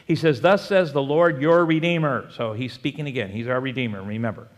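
A man preaching a sermon as pastor, animated, moving between quiet and loud and prompting the congregation to answer. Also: medium pitch, a little fast. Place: church sanctuary. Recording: long hall reverb.

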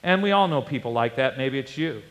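A male pastor preaching a sermon, animated and storytelling, with rhetorical questions to the congregation. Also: mid-range voice, brisk. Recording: long hall reverb.

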